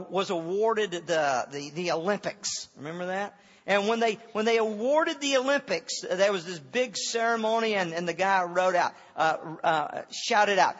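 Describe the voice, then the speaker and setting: A man preaching a sermon as a pastor, earnest and full of halting restarts. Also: high voice, a bit bright. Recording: long hall reverb, dull lo-fi sound.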